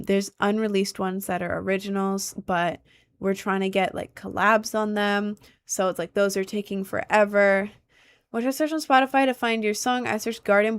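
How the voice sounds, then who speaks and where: Rambling young woman livestreamer. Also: medium pitch. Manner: rambling, chatty, swings between loud and mumbled. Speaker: livestreamer and musician. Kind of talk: casual livestream chat reading comments.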